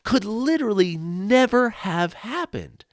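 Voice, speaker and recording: A male life coach telling a personal story to camera, earnest and reflective, with frequent "you know" and "right?" asides and soft laughs. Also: high-pitched, big pitch swings, a little slow, dry recording, studio quality. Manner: laughs often between thoughts. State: tearful at times.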